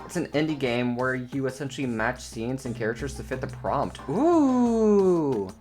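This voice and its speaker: A woman's voice: rumbling low, steady tone, fairly quick, faint music behind. A woman live-streaming a game, chatty and giggly, greeting her viewers eagerly.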